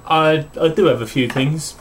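A man's voice: fairly high pitch, normal speed, a little hiss or hum. A young man, co-hosting a podcast, making dry teasing remarks. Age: young adult. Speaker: podcast co-host. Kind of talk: casual chat.

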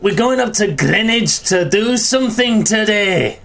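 A man putting on an exaggerated, drawn-out attempt at a Scottish accent. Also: high-pitched, animated, gravelly, a bit bright, pitched above the performer's own voice, heavily acted. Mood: hammy.

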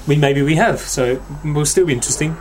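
A man's voice: on the high side, quick pace, slight background noise. A man, co-hosting in casual, teasing banter. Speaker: podcast co-host. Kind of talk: casual chat.

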